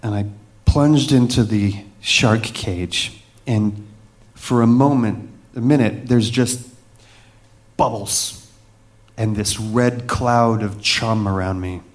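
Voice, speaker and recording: A man telling a personal story vividly, with dramatic pauses and hushed moments. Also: fairly low pitch.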